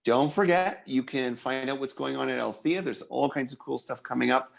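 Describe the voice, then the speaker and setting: A man's voice: mid-range voice, normal speed, gravelly. A man hosting a spiritual talk, reflective as he responds to his guest, then thanking viewers and making announcements. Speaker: host. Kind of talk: conversational talk show hosting.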